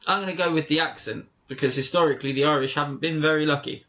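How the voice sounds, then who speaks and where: Talking fast in a somewhat high, slightly bright voice, this man from England co-hosts a podcast and tells meandering stories, frequently correcting himself in casual chat. The audio is dull, with a little hiss or hum.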